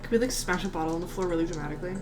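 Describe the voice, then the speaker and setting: A woman's voice: fairly low pitch, racing, over music. Playful woman tabletop player. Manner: playful, eager to fight. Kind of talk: casual chat at a game table.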